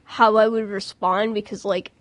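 A woman's voice: mid-range voice, little pitch movement, normal speed, no echo. A young woman co-hosting a casual podcast chat, rambling with many restarts and frequent giggles. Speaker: podcast co-host, mock trial team member.

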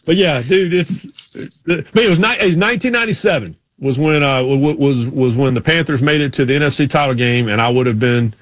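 A man's voice: mid-range voice, quick pace, hardly any pauses, fairly bright tone, no echo. A middle-aged man, co-hosting a casual sports talk show and telling rambling stories. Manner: rambling storytelling with folksy Southern drawl impressions. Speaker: co-host.

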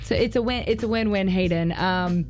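A woman's voice: medium pitch, normal speed, a little mellow, muffled recording, faint music behind. A woman co-hosting a radio show, chatty and upbeat. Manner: chatty, upbeat, listing national days. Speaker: co-host. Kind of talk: casual radio show chat.

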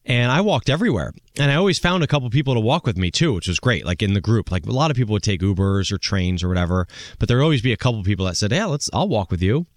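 A man with an American accent hosting a call-in tech radio show, telling stories in a chatty, animated way. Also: lowish voice, very fast, dry recording, clean studio sound. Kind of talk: casual call-in radio talk.

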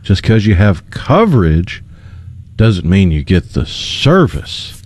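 A man's voice: sits low, big pitch swings, slow, darkish tone, dry recording. A male radio co-host on a studio microphone, giving assertive, opinionated commentary.

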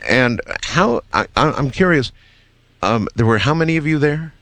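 A man's voice: on the high side, expressive, normal speed, fairly bright tone, no echo. A man hosting a radio interview, asking skeptical, probing questions of his guests. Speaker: radio host.

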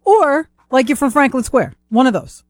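A woman's voice: sits high, big pitch swings, normal speed, no room sound, clean studio sound. A woman co-hosting a talk radio show, bantering in a teasing, bossy way. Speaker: radio co-host. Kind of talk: playful on-air banter. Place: radio studio.

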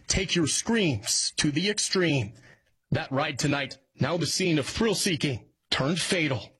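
A man reading a scripted TV news report in a measured, dramatic way. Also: a little high, a bit bright, slightly rough, poor audio.

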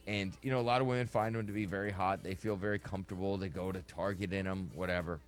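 A man's voice: deep voice, steady tone, fast talker. A man hosting a casual talk show, asking the guest blunt questions and teasing his co-hosts. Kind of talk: casual radio chat.

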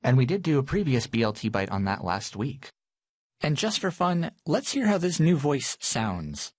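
A man hosts a short tech podcast segment and explains each step in a clear, instructive way. His voice is husky and moves lively up and down. It is recorded close and dry, with faint music behind him. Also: mid-range voice, normal speed, no echo. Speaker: podcast host. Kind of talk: scripted tech how-to narration.

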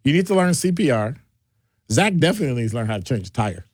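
Animated male radio host with lively pitch. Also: quick pace, no echo, studio quality. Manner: animated, digressive, jumps between deep and high voices. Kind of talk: casual call-in radio talk. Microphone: studio microphone.

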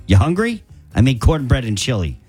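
A woman's voice: rumbling low, sing-song, a little mellow, slightly rough, faint music behind, voice pushed down, heavily acted. A woman playing a gushing fussy mom. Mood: doting. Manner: gushing, motherly, rapid-fire questions. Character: doting fussy mother greeting her kid. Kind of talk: radio comedy sketch.

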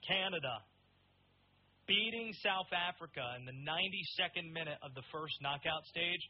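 A man hosting a sports show, giving quick, opinionated commentary on players and teams. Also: on the high side, dull audio. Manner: quick, opinionated, conversational delivery.

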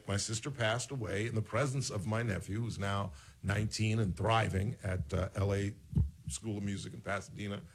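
A man's voice: on the low side, gravelly, slightly rough. A man hosting a show, telling rambling personal stories in casual chat and acting out the dialogue. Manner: rambling, digressive, acts out quoted dialogue. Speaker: radio-style show host.

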